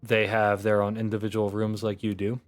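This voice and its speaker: A man narrating as game master of a tabletop game, relaxed and rambling with fillers. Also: fairly low pitch, brisk, dry recording.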